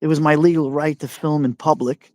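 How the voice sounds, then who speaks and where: A man's voice: a little high, fairly even intonation, brisk, a little mellow, dry recording, studio quality. A man hosting a casual live-stream chat, plainly spoken and agreeable, greeting viewers by name. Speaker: host.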